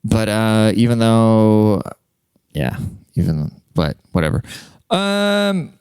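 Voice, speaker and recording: A podcast host talking in a rambling, foul-mouthed comedic monologue, with a lowish, smooth, resonant voice. The sound is close and dry, with no room echo. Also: male voice, animated, slow, a little mellow. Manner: profane, rambling storyteller who laughs at his own jokes.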